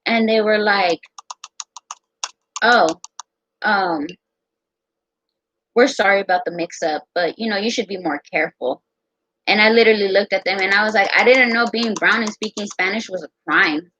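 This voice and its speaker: A young American woman telling a personal story in a casual, profane, animated way. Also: medium pitch, moderate pace, pauses often, no room sound. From United States. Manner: profane, animated, quotes others in her own voice. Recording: dull lo-fi sound.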